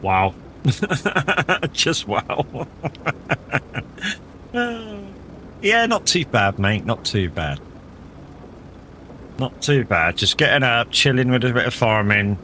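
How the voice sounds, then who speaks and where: A man's voice: mid-range voice, sing-song, slow pace, long pauses, pushed and bright, slight background noise. A man streaming a farming game live, chatting casually with viewers, laid-back and swearing freely. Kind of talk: casual live gameplay chat.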